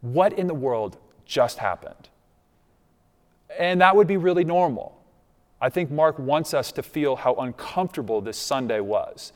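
Male pastor, emphatic sermon delivery, lively pitch, reverberant hall sound. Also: unhurried. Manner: conversational, emphatic preaching with asides.

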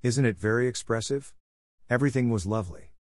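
A man's voice: mid-range voice, fairly quick, dry recording, lightly acted. A man reading a gushing, dramatic orphan girl. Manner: gushing, theatrical. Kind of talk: audiobook character reading.

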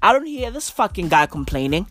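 A woman's voice: mid-range voice, very animated, a little fast, fairly bright tone, faint music behind. A woman hosting a podcast, ranting casually in a brash, profane, emphatic way full of slang. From South Africa. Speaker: podcast host. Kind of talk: casual rant.

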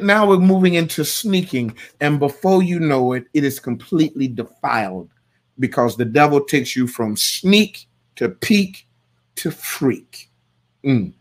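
A male pastor preaching a sermon in a folksy, repetitive, conversational way, swinging from quiet asides to loud shouted lines and laughing at his own jokes. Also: fairly high pitch.

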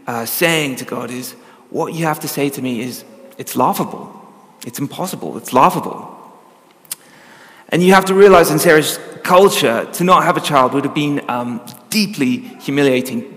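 A man's voice: mid-range voice, fairly bright tone, long reverb tail. A man preaching a sermon in an earnest, conversational teaching manner with frequent ums.

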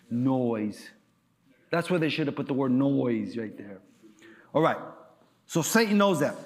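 A male pastor preaching a sermon, emphatic and rousing, asking the crowd questions and rising to shouts. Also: on the high side, very animated, a little slow.

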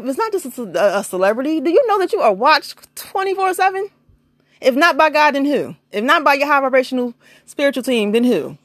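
A woman's voice: fairly quick, no room sound, studio quality. A woman giving blunt, preachy spiritual advice in a casual monologue, firing off rhetorical questions and swearing freely. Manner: animated, big jumps in pitch.

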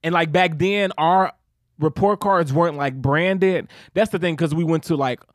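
Guy cohosting a chat podcast, goes way up when acting stuff out, cussing, kinda high voice, dry mic. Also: moderate pace, no echo. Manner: animated storyteller, swears freely, jumps pitch when acting out scenes. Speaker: podcast co-host. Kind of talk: casual chat.

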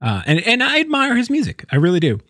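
A man talking casually about someone he knows from the music scene, halting and repeating words as he goes. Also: extremely high pitch, wildly swooping pitch, a bit bright, dry recording, studio quality. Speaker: musician commenting on scene news. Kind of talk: casual spoken commentary.

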